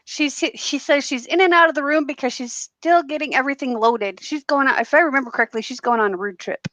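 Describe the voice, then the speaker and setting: A woman hosting a relaxed live stream about art, talking in a chatty way with plenty of fillers. Her voice sits fairly high, and the sound is close and dry. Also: fast, no echo. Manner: chatty, with frequent fillers and laughs. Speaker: host of a live acrylic pouring stream. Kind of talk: casual live-stream chat.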